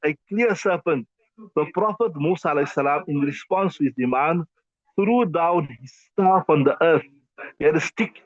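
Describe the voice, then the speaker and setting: A man's voice: fairly high pitch, moderate pace, no echo. Emphatic man teaching a Quran class. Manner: conversational, repetitive, emphatic with many fillers. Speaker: Islamic teacher. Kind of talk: tafsir class lecture. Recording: dull lo-fi dry sound.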